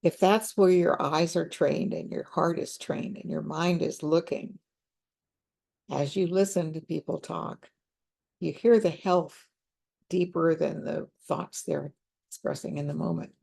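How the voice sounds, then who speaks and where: A woman's voice: sits low, steady tone, vocal fry, warm tone, slightly rough. An older woman counselor telling a story from her practice in a reflective, conversational way. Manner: reflective, unhurried, conversational with fillers. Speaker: counselor and teacher. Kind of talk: storytelling talk.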